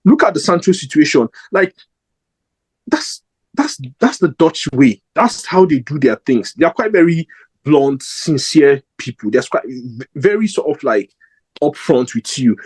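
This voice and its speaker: A man's voice: on the high side, animated, a little slow, slightly rough, poor audio. A young man giving his opinion in a casual football fan vlog, rambling and emphatic with lots of fillers and restarts.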